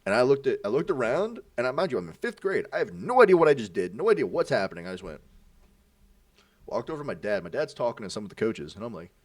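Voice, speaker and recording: A man's voice: mid-range voice, fast, dry recording, recorded from a distance. A young man co-hosting a podcast, telling childhood stories in a casual chat, laughing and acting out the people in them. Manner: animated, laughing, acts out voices in his stories. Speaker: podcast co-host.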